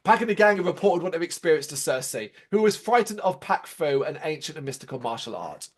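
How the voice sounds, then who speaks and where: A man co-hosting a casual review podcast, talking in an animated, sarcastic way and swearing freely. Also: a little high, fairly quick, breathy edge. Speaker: podcast co-host.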